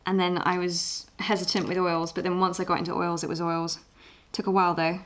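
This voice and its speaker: A woman's voice: on the low side, little pitch movement, brisk, slight background noise. A young English woman with an Essex-tinged accent, chatting casually at home while she draws on a live stream, rambling with fillers and restarts. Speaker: livestream art host. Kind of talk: casual chat while drawing.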